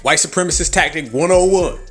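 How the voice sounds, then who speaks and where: A man's voice: on the high side, a little fast, a bit bright, soft background music. Angry, profane man hosting a podcast. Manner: angry, profane, mocking, with sarcastic mimicry. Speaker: podcast host. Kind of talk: heated political commentary.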